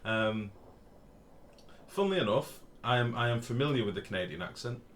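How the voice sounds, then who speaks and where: A man's voice: medium pitch, expressive, moderate pace, a little hiss or hum. An English man chatting casually while live-streaming a game, swearing freely and reading out chat messages. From England.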